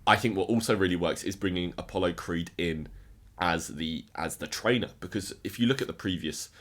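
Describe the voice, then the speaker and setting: A man's voice: sits low, brisk, a bit bright. A man casually ranking films in a review video, enthusiastic and often repeating words as he restarts his sentences. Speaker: film reviewer.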